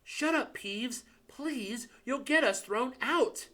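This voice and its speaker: A man's voice: extremely high pitch, lively intonation, slow pace, pushed and bright, voice pushed up, heavily acted. A man voicing a tense young schoolboy who speaks urgently and pleads.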